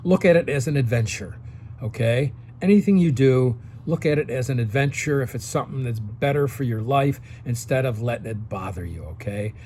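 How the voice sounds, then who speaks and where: A man's voice: medium pitch, moderate pace, darkish tone, slight background noise. Man in his sixties giving advice. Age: 60s. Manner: coaching tone, often tags sentences with "okay?". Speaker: vlogger giving advice to seniors. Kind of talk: casual direct-to-camera advice.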